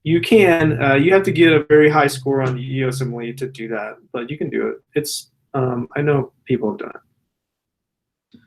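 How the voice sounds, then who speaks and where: A man's voice: mid-range voice, normal speed. A man, a general surgeon, answering viewer questions in a loose, profane, casual way. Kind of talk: casual Q&A chat.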